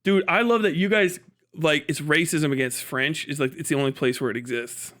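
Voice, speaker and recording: A man's voice: on the high side, brisk, a bit bright. An American man ranting crudely and jokingly on a casual live stream. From United States.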